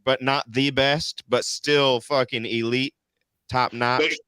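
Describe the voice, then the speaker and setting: A man co-hosting a casual chat show, hyped and shouting out viewers. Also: medium pitch, steady tone, slow pace, clear, resonant tone, no echo. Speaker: co-host.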